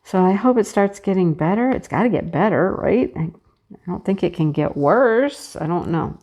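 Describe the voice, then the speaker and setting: A woman's voice: medium pitch, animated, normal speed, darkish tone. A middle-aged woman chatting casually while she works on a craft, telling a story in a chatty, sympathetic way and quoting what others said. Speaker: crafting channel host.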